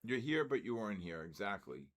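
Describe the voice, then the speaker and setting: A man's voice: lowish voice, sing-song, a little fast, slight background noise. Older man calling out names on a live stream. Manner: auctioneer-style calls, loud shouts of "next". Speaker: trading stream host.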